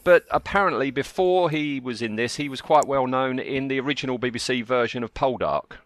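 A man's voice: medium pitch, no echo. A man hosting a podcast, chatting casually and laughing easily. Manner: lively, chatty, quick to laugh. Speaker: podcast host. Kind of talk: casual chat.

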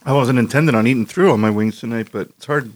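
Podcast host, man, jokey and animated, laughs a lot, mid pitch. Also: fast talker. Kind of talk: casual podcast chat.

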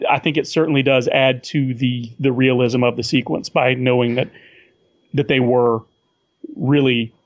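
A man's voice: medium pitch, fairly even intonation, moderate pace, dry recording. A man talking as a guest on a casual film podcast, thoughtful and a little hesitant, repeating words as he thinks.

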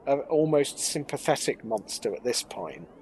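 A man's voice: mid-range voice, big pitch swings, normal speed, a little mellow, a little hiss or hum, low-quality recording. A man co-hosting a casual podcast, making jokey, teasing asides about a TV episode. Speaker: podcast co-host.

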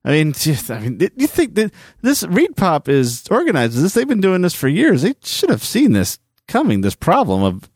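A man with a very lively, swooping voice chats over a video call. He reacts quickly and wryly, heard dry and close with no room around him. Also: a little high, breathy edge, no echo. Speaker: podcast co-host.

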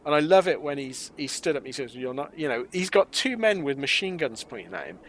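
A middle-aged man, talking casually as a co-host in a fan discussion, animated and quick with asides. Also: a little high. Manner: animated, quick asides, quotes scenes in put-on voices. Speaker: podcast co-host.

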